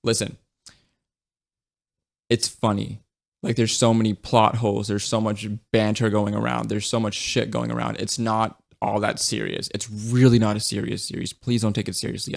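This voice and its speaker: A man's voice: on the low side, creaky. A man giving a casual, blunt book review, swearing freely and often restarting his sentences. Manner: blunt and profane, with frequent restarts.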